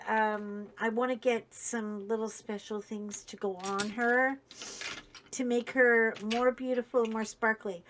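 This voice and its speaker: A woman hosting a casual live stream while coloring, talking in a slow, emphatic, indignant way. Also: on the high side, a bit bright.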